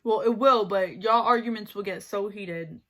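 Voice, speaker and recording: A woman's voice: medium pitch, moderate pace, fairly bright tone. A young woman rambling chattily about her boyfriend while doing her makeup, filling her talk with "like". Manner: rambling and chatty, fills speech with "like". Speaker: beauty vlogger.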